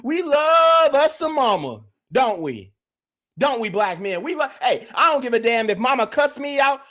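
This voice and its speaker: A man's voice: very high voice, sing-song, normal speed, pushed and bright. A man hosting a livestream commentary podcast, talking emphatically and repeating his points. He keeps turning to address the chat directly. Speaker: podcast host.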